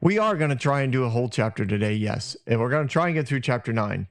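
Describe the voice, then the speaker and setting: A man's voice: mid-range voice, lively intonation, quick pace, few pauses. A man hosting a casual Bible teaching podcast, talking in a rambling way with frequent restarts and self-corrections. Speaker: podcast host.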